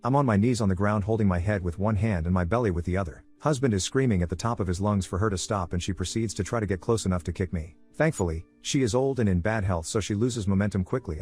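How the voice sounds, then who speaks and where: Male narrator, lowish voice, quick steady read, faint music bed underneath. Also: husky. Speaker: story narrator. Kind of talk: scripted narration of an online story.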